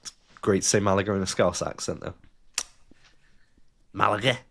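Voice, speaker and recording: Guy hosting a chatty podcast, lowish voice, keeps cracking jokes and reads out news bits. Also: flat delivery, fast. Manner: jokey, reads news aloud with asides. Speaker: podcast host. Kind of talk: casual chat.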